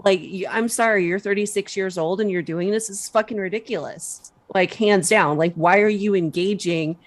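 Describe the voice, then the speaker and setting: A woman's voice: mid-range voice, normal speed. A woman, a panelist in a heated online interview, who speaks bluntly, swears freely and scolds the guest.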